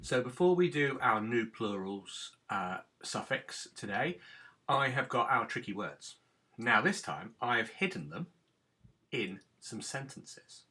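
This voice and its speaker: A man's voice: mid-range voice, lively intonation, a little slow, pushed and bright. A man teaching a recorded phonics lesson to children, patiently sounding out words. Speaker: primary school teacher.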